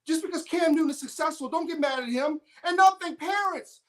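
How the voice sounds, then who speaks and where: A woman's voice: sits high, fairly quick, a bit bright. A woman hosting an independent sports show, delivering a heated, emphatic opinion monologue.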